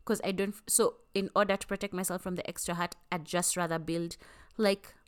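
A woman co-hosting a podcast, talking in a blunt, animated, casual way and swearing freely. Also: fairly low pitch, a little fast. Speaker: podcast co-host. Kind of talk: casual chat.

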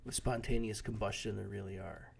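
A man's voice: on the low side, steady tone, a little fast, gravelly, breathy edge. A man co-hosting a podcast in casual chat, asking wry questions and prompting his co-host's stories. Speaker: podcast co-host.

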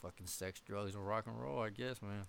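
A young man in casual chat with friends, swearing often and laughing as he tells animated stories. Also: on the low side, normal speed, creaky, slight background noise. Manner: profane, laughing, animated storytelling.

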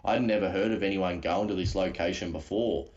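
A man's voice: sits low, fairly quick, darkish tone, lo-fi sound. An Australian man calling in as a guest, telling a story in a rambling, slangy way with many restarts. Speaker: guest caller. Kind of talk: casual storytelling.

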